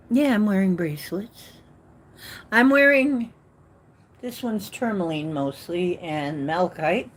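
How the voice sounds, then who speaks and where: A woman hosts a casual live stream at an unhurried, drawn-out pace. She rambles and giggles through plenty of fillers, her voice rising to loud bursts and then trailing away into soft murmurs. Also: mid-range voice, expressive, low-quality recording. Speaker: host.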